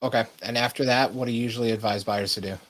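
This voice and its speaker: A man hosting a podcast, putting brief questions and quick reactions to his guest. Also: medium pitch, steady tone, fairly bright tone. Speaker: podcast host. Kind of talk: interview questions.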